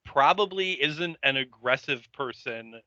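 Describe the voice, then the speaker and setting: Bright-voiced male co-host on a dull mic. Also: mid-range voice, animated, measured pace, no room sound. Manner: agreeable, says "right" often, restarts sentences when making a point. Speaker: podcast co-host. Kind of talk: casual recap chat.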